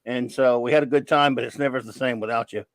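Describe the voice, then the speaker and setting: A man's voice: medium pitch, steady tone, fast talker. A man with a Cajun accent hosting a casual livestream chat, talking in a playful, rambling, jokey way. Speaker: podcast host.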